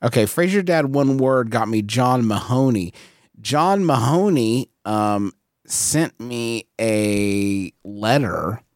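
A man joking in a halting, deadpan way while chatting with fellow players. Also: medium pitch, dry recording, clean studio sound. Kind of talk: casual banter.

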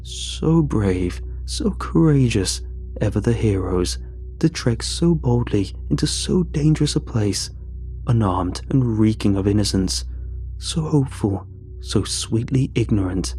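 A man voicing a villainous male theme-park announcer with a gravelly voice and a slow, taunting, drawn-out delivery. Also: lowish voice, animated, mellow, faint music behind. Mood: mocking.

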